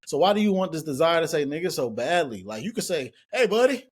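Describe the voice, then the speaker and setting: A man's voice: fairly high pitch, big pitch swings, fast, husky. A man in casual group discussion, talking emphatically and swearing freely. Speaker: podcast co-host.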